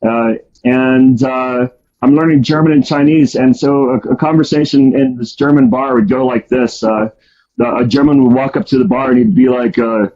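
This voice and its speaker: Man, casual storytelling, rambling, filler-heavy, warm dark tone, muffled recording. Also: mid-range voice, steady tone, normal speed. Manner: rambling, many ums and restarts. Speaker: storyteller guest. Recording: dull lo-fi sound.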